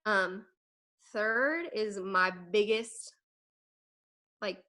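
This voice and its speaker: Bright, energetic young woman pep-talking. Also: mid-range voice. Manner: energetic, emphatic, fast rambling with fillers. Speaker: direct sales team leader. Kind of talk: casual motivational talk to camera.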